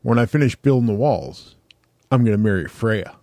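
A man's voice: medium pitch, animated, normal speed, creaky, warm tone, dry recording, studio quality. A man voicing a boastful giant who offers to build walls, matter-of-fact and confident.

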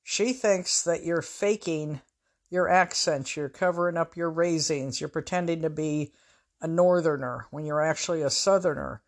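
A woman voicing a Southern woman friend who calmly explains local manners in a matter-of-fact way. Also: sits low, moderate pace. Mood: explaining.

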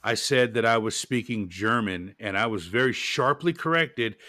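A man co-hosting a podcast in casual chat, animated and joking. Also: lowish voice, moderate pace, no room sound. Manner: animated, joking, laughs often. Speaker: podcast co-host.

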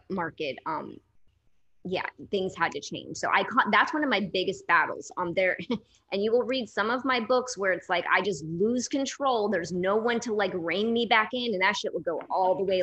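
A woman's voice: medium pitch, moderate pace, fairly bright tone, breathy edge. A woman talking as a guest in a casual chat, candid and self-deprecating, rambling a little. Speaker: author guest.

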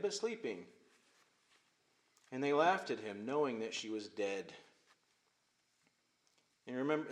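A male pastor preaching a sermon, swinging between emphatic loud phrases and hushed, quiet ones. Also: a little high. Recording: echoey room.

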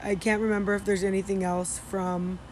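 A woman's voice: medium pitch, flat delivery, a little fast, a little mellow, a little hiss or hum. A young woman casually telling a story, rambling with many fillers and restarts. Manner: rambling, many fillers and restarts, mimics Spanish street calls. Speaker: vlogger recounting study abroad.

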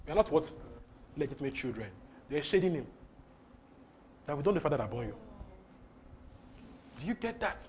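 A man's voice: a little high, big pitch swings, a little fast, pauses often, darkish tone. Bible teacher guy cutting in on the reading, says stuff twice for emphasis, faint hum behind. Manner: emphatic, repeats key phrases, interrupts the reader. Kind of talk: commenting on a scripture reading.

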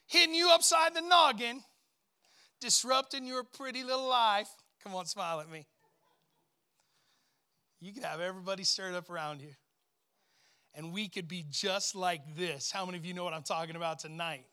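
A middle-aged male pastor preaching a lively sermon, telling a story and calling out to his congregation. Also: high voice, moderate pace, pauses often.

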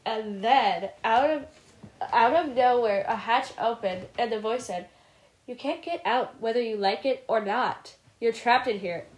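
Lively young co-reader, echoey room. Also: female voice, a little high, a little slow. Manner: lively, takes turns reading and voicing characters. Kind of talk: reading a homemade story aloud.

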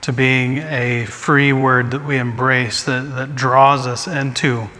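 With a sharp, medium-pitched voice, a pastor delivers a sermon and takes questions from the congregation in a church sanctuary. Earnest, he frequently restarts and repeats himself, and the audio carries long church hall reverb, faint ambience, and slight background noise.

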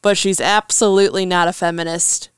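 A woman's voice: fairly low pitch, steady tone, brisk, clean tone, no echo, clean studio sound. A woman co-hosting a podcast, chatting casually and musing aloud as she searches for words. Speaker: podcast co-host. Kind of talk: casual chat.

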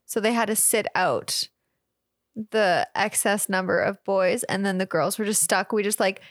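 A young woman chats casually on a podcast, playful and quick to act out what people said. Her voice is mid-pitched and recorded dry and close. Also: no room sound. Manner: playful, acts out quotes in big voices. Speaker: podcast co-host. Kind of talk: casual chat.

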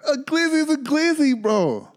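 A man's voice: extremely high pitch, sing-song, normal speed. A man chatting casually as a podcast co-host, playful and teasing, using street slang. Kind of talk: casual chat.

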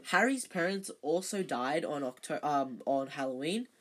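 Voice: medium pitch, expressive, normal speed, a bit bright, breathy edge. An amateur reader reading a novel aloud, often stumbling and correcting themselves with chatty asides.

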